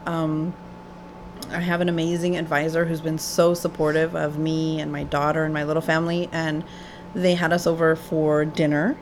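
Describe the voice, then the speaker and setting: A woman, a mother and graduate student, talking casually with many pauses and fillers, laughing as she goes. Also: low voice, a little hiss or hum. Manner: hesitant, many ums, laughs as she talks. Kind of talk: casual group chat.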